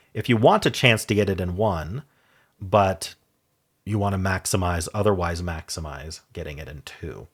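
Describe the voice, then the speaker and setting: A man's voice: on the low side, breathy edge. A man casually explaining word-game statistics in a chatty, curious way, with ums and self-corrections. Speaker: puzzle video creator. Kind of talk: casual explainer talk over screen.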